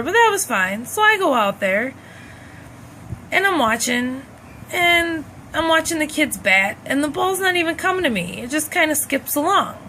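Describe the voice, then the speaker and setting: A young adult woman telling a personal childhood story in a lively, animated way, acting out the dialogue as she goes. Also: a little high, slight background noise, low-quality recording.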